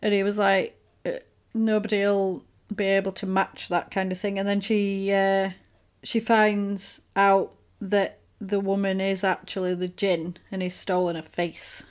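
A woman's voice: medium pitch, smooth. A woman chatting casually, retelling a film plot and acting out the characters' lines. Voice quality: animated storyteller, acts out characters' lines in quick voices. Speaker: podcast co-host recapping a film. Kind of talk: casual chat.

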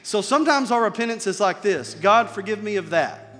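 Male pastor, fairly high voice, casual preaching that swells loud then drops soft, church hall reverb with faint music underneath. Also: expressive, brisk. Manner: conversational preaching, swings between loud emphasis and soft near-whispers. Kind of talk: sermon.

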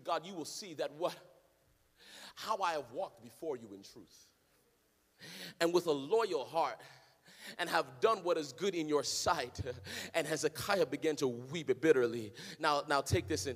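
A man preaching a sermon to a congregation, swinging from low conversational talk to loud sing-song shouting. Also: in a large hall. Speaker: pastor. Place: church hall with congregation.

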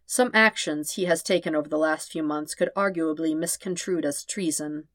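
A woman reading aloud and voicing a gentle, weary old man who speaks quietly and formally. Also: low-pitched, normal speed, no echo, close to an everyday voice. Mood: grave.

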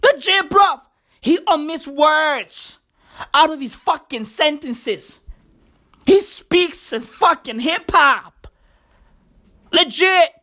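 A woman from South Africa tears into her subject in a profane, slang-heavy comedic rant. Her voice sits high and swings widely in pitch, and her delivery is drawn out and unhurried. She sounds openly incredulous. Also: animated, pushed and bright. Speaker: commentator.

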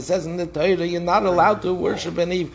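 A man's voice: high-pitched, fairly even intonation, a little fast, gravelly. A man teaching a daily Talmud lesson, retelling the story with passion and mixing in Hebrew phrases. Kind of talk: daf lesson.

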